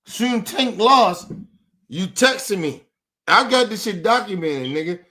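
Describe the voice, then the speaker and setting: Man, young adult, AAVE, angry profane rant, podcast host, somewhat high voice. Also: expressive, measured pace, pushed and bright. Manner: angry, profane, repetitive street slang. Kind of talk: heated rant to camera.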